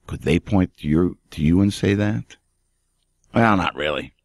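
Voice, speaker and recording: A man's voice: fairly low pitch, expressive, unhurried, vocal fry, a little mellow, no echo. A male pastor preaching an emphatic radio sermon and speaking straight to the listener.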